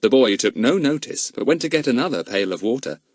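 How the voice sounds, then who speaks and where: A man reads a children's mystery aloud as an audiobook. His delivery is expressive, with a very wide, animated pitch range. The recording is dry and close. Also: fairly quick, no echo. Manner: expressive storytelling. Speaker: audiobook narrator. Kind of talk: scripted narration.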